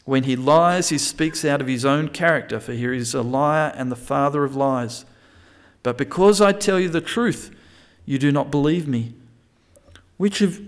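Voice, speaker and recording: A man preaching a sermon, reading scripture aloud and explaining it with frequent restarts and self-corrections. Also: fairly high pitch. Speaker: pastor.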